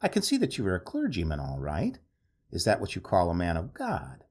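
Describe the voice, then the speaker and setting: A man voicing a teasing, amused young male nature god in a storybook reading, with a husky, lively delivery. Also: low-pitched, fairly quick, pitched below the performer's own voice, exaggerated voice. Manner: amused, gleeful, insolent.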